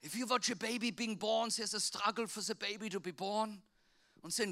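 A man preaching a sermon, fervent, repeating phrases and swinging from loud to hushed. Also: high voice, moderate pace. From Australia. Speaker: pastor.

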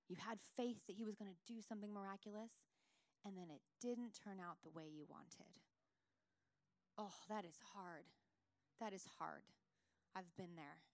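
A woman preaching a sermon, telling lively self-mocking stories and then turning soft and earnest. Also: mid-range voice, dry recording. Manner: animated, self-mocking storyteller.

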